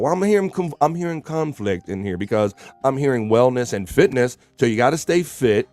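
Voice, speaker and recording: Male streamer, casual and chatty, mid-pitch; dry close sound with faint music beneath. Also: no room sound. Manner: relaxed, chatty, reads slowly then riffs. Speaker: livestream host. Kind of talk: casual horoscope reading to chat.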